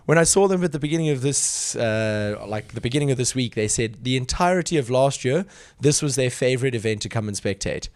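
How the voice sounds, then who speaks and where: A man's voice: mid-range voice, lively intonation, brisk, few pauses, darkish tone, no echo. A man guesting on a podcast, chatting casually with frequent laughs and lots of "like". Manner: chatty, laughs a lot, says "like" often. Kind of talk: casual chat.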